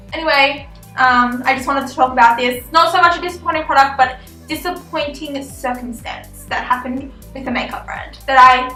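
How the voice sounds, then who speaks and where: Casting note: young woman, bright and sharp-toned, blunt, swearing beauty vlogger. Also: high voice. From Australia. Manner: blunt, ranting, swears freely. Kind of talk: casual product review vlog. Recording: echoey room with faint music.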